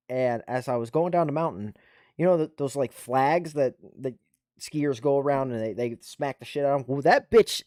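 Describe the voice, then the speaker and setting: A man's voice: medium pitch, darkish tone, no room sound. Profane ranting man, dry close mic. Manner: swears constantly, restarts, rants animatedly. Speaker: livestream host and army veteran. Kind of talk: casual profane storytelling. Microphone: desktop USB microphone.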